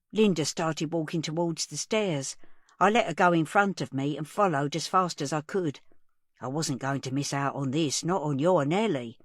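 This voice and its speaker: A woman narrates an audiobook in a plain storytelling manner. Her voice sits on the low side. The studio recording is close and dry, with no room sound. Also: moderate pace, dry recording. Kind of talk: first-person audiobook narration.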